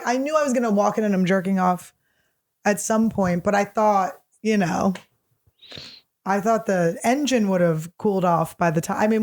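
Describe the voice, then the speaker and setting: A woman hosting a comedy podcast alone, telling crude, animated, self-mocking stories in a casual monologue. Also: mid-range voice. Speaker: podcast host.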